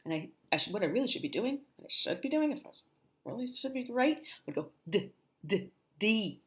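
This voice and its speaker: A middle-aged woman from New Jersey with a softened Jersey accent, an English teacher giving a chatty livestream phonics lesson for parents and drawing out letter sounds slowly. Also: fairly high pitch, big pitch swings. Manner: slow, drawn-out letter sounds, chatty asides.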